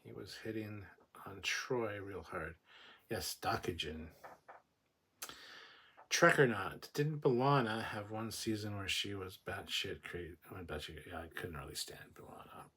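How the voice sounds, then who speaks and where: A man chatting on a casual livestream from home, reading comments and answering them bluntly. His voice is low and slightly husky, and he talks with a loose, swearing, opinionated manner. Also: expressive, unhurried, bright, forceful tone. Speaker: livestream host reading chat.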